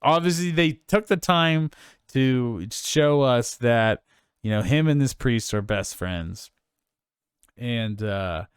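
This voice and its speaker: A man's voice: medium pitch, slow, clean tone, no echo, studio quality. Rambling, enthusiastic podcast co-host, a man. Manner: rambling, enthusiastic, swearing casually. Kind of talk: casual film chat.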